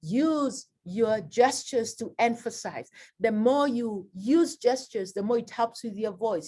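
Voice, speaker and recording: A woman teaching presentation skills in a lively workshop, acting out examples with big swings in her voice. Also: a little slow, breathy edge. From Kenya. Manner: animated, acts out examples with big pitch swings.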